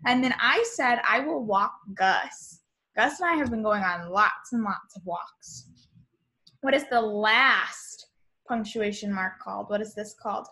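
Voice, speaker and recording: Woman teacher, remote lesson for small children, slow and sing-song, bright voice, fairly high. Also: animated.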